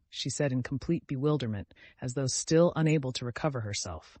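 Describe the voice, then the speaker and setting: A man narrating a classic novel as an audiobook, with a measured storytelling manner. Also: mid-range voice, dark tone, no echo. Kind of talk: scripted narration.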